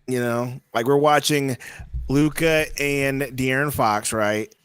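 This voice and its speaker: A young man co-hosting a podcast, chatting casually and joking excitably while reacting to a live basketball game. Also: mid-range voice, slow, smooth, dry recording. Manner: joking, excitable, trash-talking. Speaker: podcast co-host.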